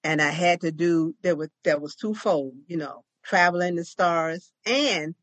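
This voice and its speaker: A woman's voice: on the low side, measured pace, fairly bright tone, no room sound. Woman podcaster telling a story, chatty, dry close sound. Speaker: podcast co-host. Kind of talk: casual chat, storytelling.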